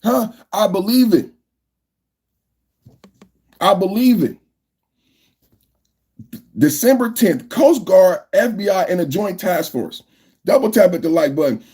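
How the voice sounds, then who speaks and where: A man's voice: a little high, warm tone, slightly rough. A male podcast host doing political commentary, firing off repeated rhetorical questions and often asking viewers to like the video. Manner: repetitive, fired-up rhetorical questions.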